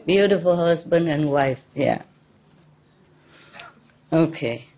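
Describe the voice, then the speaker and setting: A woman's voice: low voice, slow. Playful woman teacher, lo-fi dharma talk. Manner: playful and teasing, laughs often. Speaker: spiritual teacher addressing disciples. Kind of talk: informal dharma talk to a gathering. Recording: dull lo-fi recording.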